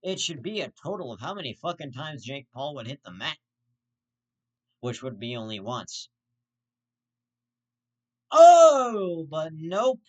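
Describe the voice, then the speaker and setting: A man hosting his own vlog, ranting with constant swearing and sudden outraged jumps in pitch. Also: animated, normal speed, a bit bright, slightly rough. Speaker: host. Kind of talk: profane vlog rant.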